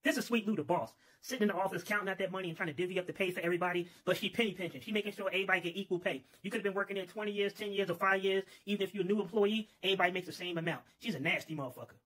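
A man's voice: sits high, rapid-fire, hardly any pauses, fairly bright tone. A man telling a comic kung-fu story in a rambling, profane manner.

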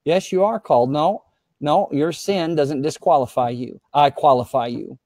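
A man's voice: a little high, moderate pace, a little mellow, no echo, clean studio sound. A man preaching as a guest pastor, fervent and repetitive, often speaking in the voice of God to his viewers.

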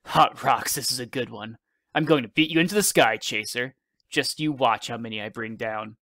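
A man's voice: mid-range voice, moderate pace, dry recording. A man doing a cocky, eager wingman. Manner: excited, boastful.

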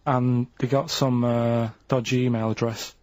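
A man on a radio show, explaining things slowly in casual banter and tagging sentences with "right?". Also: medium pitch, little pitch movement, darkish tone, no echo. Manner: plodding explainer, ends phrases with "right?".

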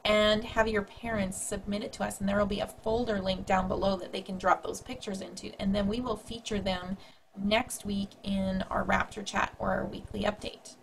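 A woman's voice: mid-range voice, level tone, normal speed, creaky. School staffer, female, upbeat and kid-friendly, mid-range voice, slight background noise. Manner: upbeat, speaks warmly to young kids.

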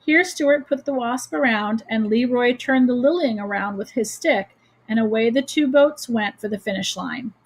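A woman teacher reads a children's chapter book aloud with steady, expressive storytelling. Her voice sits a little high and has a husky, breathy edge. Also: moderate pace, rough recording.

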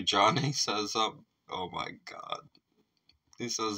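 Reaction host, laid-back man with a low, bright voice, picked up from a distance. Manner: laughs often, swears casually, slow drawl. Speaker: music reaction video host. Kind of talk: casual reaction commentary.

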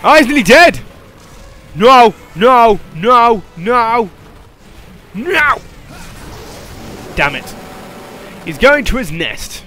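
Young male gamer, bright high voice, jumpy and jokey, shrieks mid-fight. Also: very slow, long pauses, a little hiss or hum. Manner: excitable, yelping and laughing, swings from mutters to shrieks; joking, rambling banter at the game's monster. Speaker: gameplay commentator. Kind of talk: live gameplay commentary.

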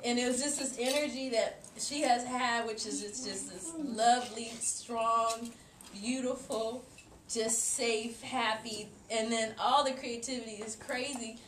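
A woman's voice: on the high side, fairly even intonation, measured pace, fairly bright tone. A young woman giving a rambling, emotional tribute to her grandmother at a family gathering. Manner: rambling, tearful and effusive. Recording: roomy, distant home camcorder with noise.

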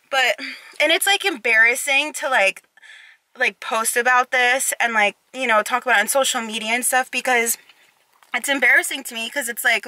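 A woman's voice: on the high side, sharp tone, dry recording, low-quality recording. A tired young woman vlogging candidly about her struggles, rambling and emotional with many filler words. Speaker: fitness vlogger. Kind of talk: candid confessional vlog.

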